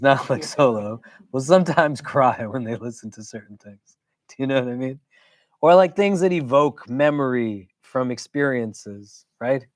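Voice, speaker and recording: Male imam lecturing a class in a chatty way, mid-pitched voice, dry close sound. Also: dry recording. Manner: conversational, keeps checking in with the audience. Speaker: imam teaching a weekly class. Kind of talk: casual religious lecture. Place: lecture room.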